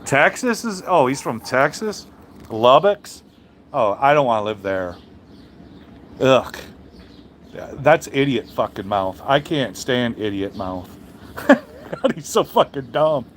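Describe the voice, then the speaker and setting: A man talks loosely to his viewers, answering his chat in a meandering way. He is blunt and swears freely, often restarting his sentences. His voice sits at an ordinary middle pitch. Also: expressive, slow pace, pauses often, a bit bright, slight background noise. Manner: rambling, profane, blunt, with frequent restarts. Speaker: trucker streamer reading chat. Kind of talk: casual livestream chat.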